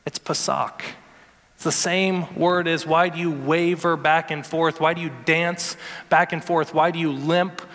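A man preaching a sermon as pastor, animated and building to emphatic peaks. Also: a little high, unhurried, in a large hall.

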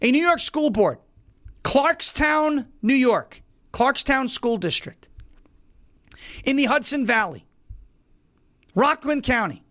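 A man's voice: very high voice, lively intonation, slow pace, pauses often, fairly bright tone. A man hosting an opinion show, delivering indignant, emphatic commentary. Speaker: political commentary host.

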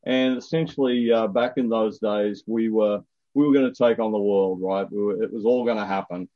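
A man with an Australian accent, a guest professor on a podcast, talking in a relaxed, joking way. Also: fairly low pitch, moderate pace, no room sound, highs cut off. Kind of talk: casual podcast interview.

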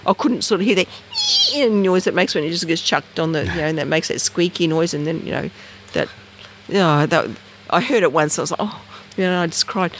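This woman talks fairly fast with few pauses, and a slight hiss or hum sits in the background. She's from Bathurst Island, northern Australia, and tells personal stories in a rambling interview full of fillers and restarts. She brings quoted people to life with big pitch jumps.

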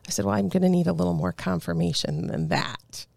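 A middle-aged woman with a low-pitched voice tells a personal story in an interview. She is animated, and she acts out the voices of the people in it. The sound is close and dry, with no room echo. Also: a little fast, creaky. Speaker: congressional candidate. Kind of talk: telling a personal faith story.

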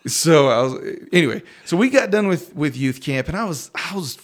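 A man, a pastor, telling a personal story in a casual interview, talking in halting bursts with many restarts and self-deprecating chuckles. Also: a little high, expressive.

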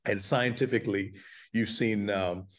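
A man guest on a podcast, earnestly telling a story with lively acted quotes in a casual chat. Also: lowish voice, a little slow, dull audio. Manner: earnest, animated storyteller who acts out quotes.

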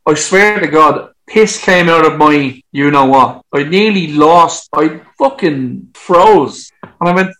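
A man with a fairly high speaking voice tells rambling stories as an interview guest. He is animated and talks freely, laughing now and then and swearing without a second thought. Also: unhurried, low-quality recording. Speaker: musician guest. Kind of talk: casual anecdotal storytelling.

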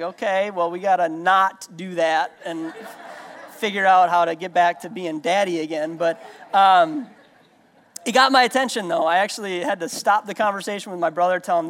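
A man's voice: high voice, a bit bright. A man preaching a sermon as pastor, telling personal stories in a conversational way with many restarts. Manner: conversational storytelling, frequent restarts. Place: church sanctuary. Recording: long reverb of a large hall.

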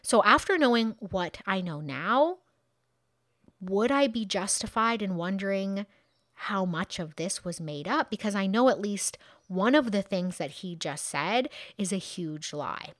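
A woman's voice: medium pitch, expressive, unhurried, dry recording, clean studio sound. A woman hosting a true crime podcast, recounting a case in a casual, conversational way with frequent asides and fillers.

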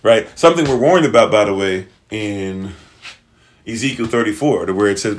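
A man's voice: fairly low pitch, normal speed. A man preaching in a casual, slangy way, retelling a scripture story and acting out its characters.

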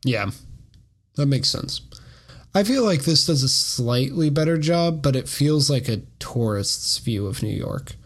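A man's voice: mid-range voice, lively intonation, unhurried. A man co-hosting a casual film podcast, teasing his co-hosts in a dry way. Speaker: podcast co-host. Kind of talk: casual chat.

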